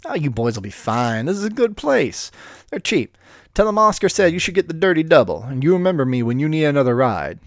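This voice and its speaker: A man's voice: on the high side, sing-song, brisk, dry recording, clean studio sound, voice pushed up. A man reading the part of a gritty, charming cab driver in his fifties with an easygoing, streetwise manner.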